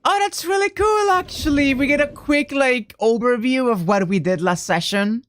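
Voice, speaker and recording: A woman's voice: sits high, moderate pace, a little hiss or hum. Joking, cursing woman game streamer. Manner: profane, joking, laughs often. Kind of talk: casual gameplay commentary.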